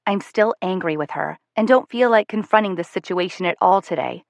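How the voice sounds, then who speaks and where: A woman narrates a first-person audiobook in a steady, measured voice. Her pitch sits in the middle, and the recording is dry with no room sound. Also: creaky, no echo.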